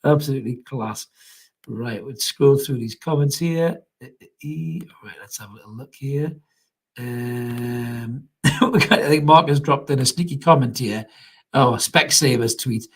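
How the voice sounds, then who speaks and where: A man's voice: mid-range voice, moderate pace, husky. A young man hosts a live football reaction stream, chatting casually, laughing often and reading out viewer comments. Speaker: fan channel host.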